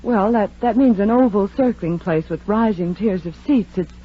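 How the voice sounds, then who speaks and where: An actress playing a calm, well-read young woman in a 1940s radio drama who explains things patiently. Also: medium pitch, normal speed, breathy edge, natural voice. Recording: dull old radio recording with faint noise.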